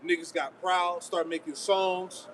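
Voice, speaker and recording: High-voiced man, fired-up and preachy. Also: fairly even intonation, unhurried, fairly bright tone, rough recording. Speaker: host of a live street broadcast. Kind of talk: live-stream discussion. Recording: outdoor mic with faint street noise.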